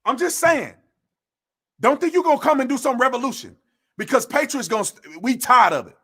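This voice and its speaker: A man's voice: extremely high pitch, lively intonation, a little fast, long pauses, fairly bright tone. A man giving a heated, combative political rant to camera, blunt and slangy, repeating phrases for emphasis. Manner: slangy, informal speech. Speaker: political commentator.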